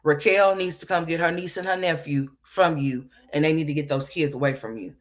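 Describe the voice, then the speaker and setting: A woman's voice: low voice, a little fast. A woman giving a blunt, profane opinion commentary, firing off rhetorical questions. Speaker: online commentator.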